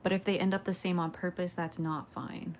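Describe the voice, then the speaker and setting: A woman's voice: fairly low pitch, level tone, a little fast, a little hiss or hum. A young woman livestreaming while making pottery, chatting casually and giggling with her viewers. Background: faint game music.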